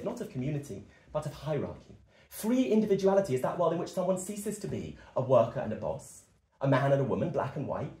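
A man's voice: mid-range voice, warm tone. A young man giving an impassioned, emphatic political speech at a meeting. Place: meeting room. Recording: echoey meeting room.

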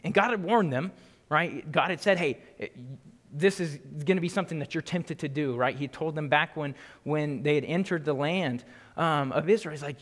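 Casual preacher in an echoing hall. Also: male voice, a little high, moderate pace. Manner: casual and emphatic, often asks "right?". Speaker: pastor teaching a Bible study. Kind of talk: conversational Bible teaching. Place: church sanctuary. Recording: long hall reverb.

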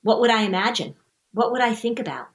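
Brisk and a little high-pitched, this middle-aged woman is an anxiety therapist who also hosts a podcast. During the session she coaches a parent and their child, spinning lively stories and performing the characters' voices.

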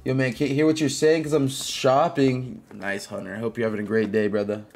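A man streaming a game live, chatting casually with viewers, greeting them by name and reacting out loud to plays. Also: medium pitch, little pitch movement, brisk, gravelly.

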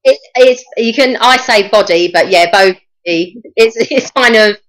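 A woman's voice: fairly high pitch, unhurried. A woman author talking in an interview, friendly and rambling with lots of ums. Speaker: author guest.

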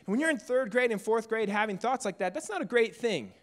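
High, fast-talking energetic man. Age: 30s. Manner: energetic, animated, self-mocking humor. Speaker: keynote speaker. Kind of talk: motivational storytelling speech. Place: stage at a youth event.

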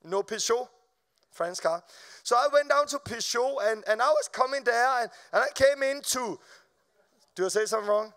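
A man with a notably high speaking voice tells a personal testimony from the pulpit. He keeps it animated and informal, laughing along and stumbling over repeated words as the story spills out. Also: moderate pace. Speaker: preacher. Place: live event before an audience.

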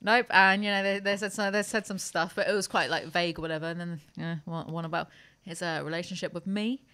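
A woman's voice: on the low side, fairly even intonation, fast, bright, forceful tone, smooth. A woman hosting a podcast in casual banter, brash and jokey, swearing freely. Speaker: podcast host.

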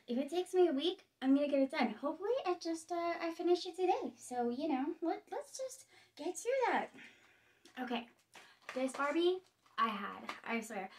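A woman in her thirties chatting in a casual unboxing vlog, bubbly, excitable and rambling. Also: high voice, normal speed, far from the mic. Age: 30s. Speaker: vlogger.

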